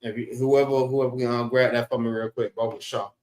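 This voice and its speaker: A man leads a casual class, talking in an easygoing way and pausing on "all right" between points. His voice sits at an average pitch. The room around him is echoey. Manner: relaxed, repeats "all right" often. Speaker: class teacher. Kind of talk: teaching a class.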